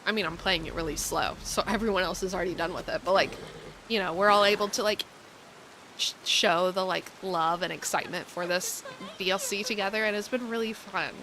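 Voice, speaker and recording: A woman's voice: lowish voice, a little fast, pushed and bright, slight background noise, poor audio. A young woman from the United States chatting in a rambling way, with plenty of ums and likes, as she streams a cozy game. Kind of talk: casual live-stream chat while playing.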